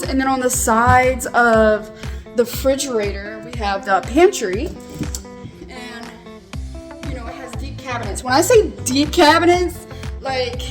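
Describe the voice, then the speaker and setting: Young woman, high voice, excited house tour, phone-filmed indoors, lots of fillers. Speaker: vlogger giving a house tour. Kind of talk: casual house tour narration. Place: indoors in a mobile home.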